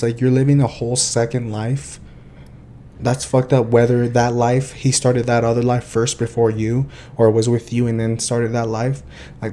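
A young man co-hosting a casual podcast, telling stories with lively acted-out scenes and dropping the odd Spanish phrase. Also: medium pitch, a little hiss or hum. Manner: animated storyteller, acts out scenes with voices. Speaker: podcast co-host.

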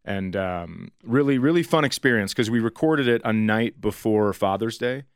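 A man's voice: on the low side, lively intonation, moderate pace, smooth, dry recording. Dry-witted comedian in his forties. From northern Minnesota. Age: 40s. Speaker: stand-up comedian. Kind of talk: casual interview chat.

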